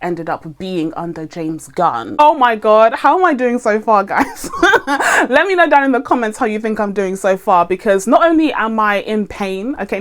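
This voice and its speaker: A woman's voice: mid-range voice, fairly bright tone. Casual film-review host, woman: upbeat and chatty, slight lisp and slightly muffled speech from a toothache, laughs often. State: talking through a toothache. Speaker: movie reviewer and channel host.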